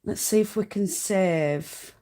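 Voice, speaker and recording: A woman's voice: mid-range voice, takes it slowly, warm tone. Yorkshire lass hosting a live spinning stream, chatty and homely, laughs a lot, takes her time. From North Yorkshire, England. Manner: chatty, laughs often, homely turns of phrase. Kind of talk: casual live-stream tutorial chat.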